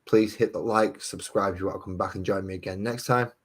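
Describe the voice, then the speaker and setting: A man's voice: sits low, steady tone, quick pace. A man hosting a live stream, rambling, swearing freely and joking at his own expense. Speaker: stream host. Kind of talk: casual live-stream chat.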